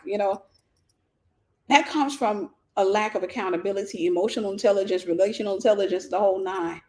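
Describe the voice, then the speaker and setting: A middle-aged woman, preaching a livestreamed sermon with lively quoted voices and repetition. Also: medium pitch, brisk. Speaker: pastor and teacher.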